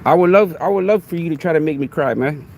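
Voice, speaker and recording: Confrontational Texan man with gravelly voice. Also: fairly high pitch, fast talker, a little mellow, a little hiss or hum. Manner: confrontational, repetitive, rhetorical questions. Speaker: podcast host. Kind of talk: live stream talking to a commenter.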